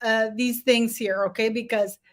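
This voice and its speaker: Rambling woman live-streaming, higher voice. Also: steady tone, measured pace. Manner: rambling, many fillers and restarts, frequent laughter. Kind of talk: casual live stream chat.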